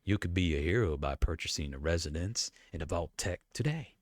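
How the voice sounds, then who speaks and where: A man voicing a male ghoul salesman, putting on a slow southern drawl for a folksy pitch. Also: expressive, dry recording, clean studio sound. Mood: salesy.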